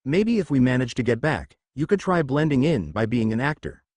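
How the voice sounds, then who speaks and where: A man voicing a flustered young male ninja hero, gentle and reassuring, in a fan fiction audiobook. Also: mid-range voice, big pitch swings, a little fast, no room sound.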